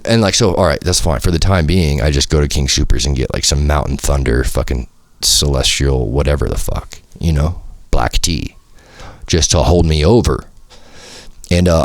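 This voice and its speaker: A man with a low, deep voice talks through a solo podcast in a loose, rambling way. He peppers his talk with slang, swearing and "you feel me". The sound is close and dry, with no room around it. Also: no echo. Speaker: podcast host. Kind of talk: casual solo podcast monologue. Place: home studio.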